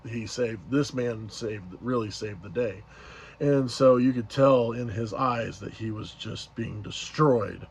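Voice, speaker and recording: A man's voice: mid-range voice, slow pace, vocal fry, a little hiss or hum. A man casually retelling an event as a vlogger, rambling along with many fillers and restarts. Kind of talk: casual storytelling recap.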